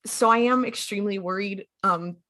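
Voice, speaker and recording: A young woman co-hosting a podcast, talking in easy casual chat. Her voice sits at a middle pitch, and she keeps slipping in fillers and acting out quotes. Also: normal speed, pushed and bright. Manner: chatty, many fillers and acted-out quotes. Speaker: podcast co-host.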